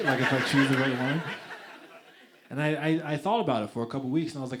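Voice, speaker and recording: A young man performing a stand-up set in a live venue, telling stories in an animated way and laughing through his punchlines. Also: medium pitch, quick pace. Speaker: stand-up comedian.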